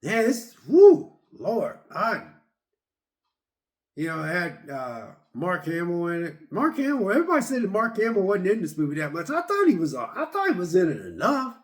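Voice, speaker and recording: A man's voice: high-pitched, sing-song, moderate pace. A man giving a casual, rambling movie review, retelling scenes with lots of repeats and fillers.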